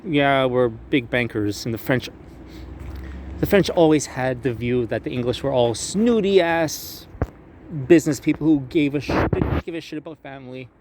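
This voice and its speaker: A man's voice: a little high, normal speed, noisy background. Profane, jokey man guiding a tour. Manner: profane, jokey, slips into mocking voices for historical figures. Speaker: tour guide vlogger. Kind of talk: casual walking tour. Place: outdoors on a city square.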